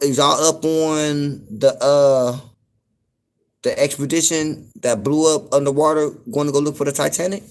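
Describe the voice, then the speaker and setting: A man hosting his own show, talking in a loose, rambling commentary full of fillers and cursing, getting loud and incredulous when something riles him. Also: mid-range voice. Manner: laid-back, rambling, frequent fillers and profanity. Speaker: podcast host. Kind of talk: casual commentary monologue.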